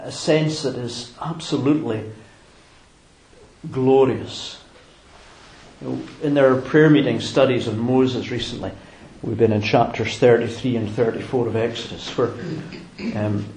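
Man, preacher, sermon, reflective, measured, halting, mid-pitched, echoey room. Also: darkish tone. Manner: measured, reflective, with frequent fillers and restarts.

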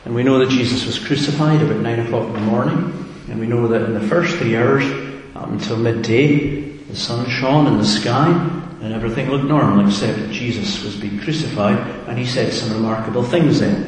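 A man's voice: medium pitch, fairly quick, hardly any pauses. A man preaching a sermon in a reflective way, often asking his listeners questions. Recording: echoey hall with long reverb, faint noise.

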